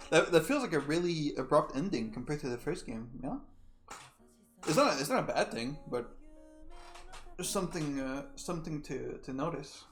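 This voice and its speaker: A man's voice: a little high, expressive, moderate pace. Casual let's-play guy, rambling and swearing, game music under him. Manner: rambling, swearing, many fillers and restarts. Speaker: streamer.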